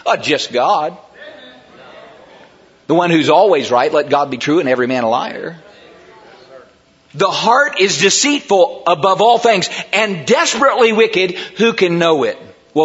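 A man preaching a sermon in a church, emphatic and rising to near shouts on key words. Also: fairly high pitch, slightly rough. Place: church sanctuary. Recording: dull sound with long hall reverb.

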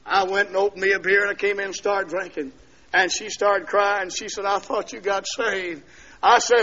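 An older man preaching at a church service, telling his conversion story as a testimony and breaking into loud shouted preaching. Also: sits high, fairly even intonation, moderate pace, dull audio. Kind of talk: revival sermon testimony.

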